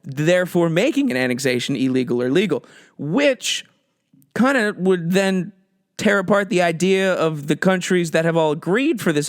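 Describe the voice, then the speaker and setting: Sarcastic, profane man with higher pitch. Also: dry recording, studio quality. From United States. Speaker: podcast host. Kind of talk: comedic political rant.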